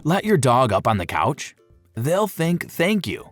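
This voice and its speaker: A man's voice: mid-range voice, sing-song, unhurried, soft background music. A man giving scripted narration for a pet-care video, playful and fond of jokey asides.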